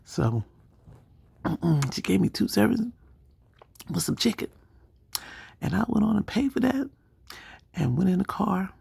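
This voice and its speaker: A woman casually telling a story, animated, acting out the people she quotes. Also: medium pitch, unhurried, vocal fry, pauses often, slightly rough. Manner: animated, acts out quoted dialogue.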